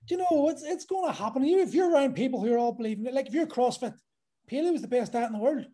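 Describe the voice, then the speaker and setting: A podcast host with a mellow, dark tone asks questions in a relaxed way. Joking asides slip into his easygoing chat. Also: high-pitched, rapid-fire. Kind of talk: casual podcast interview.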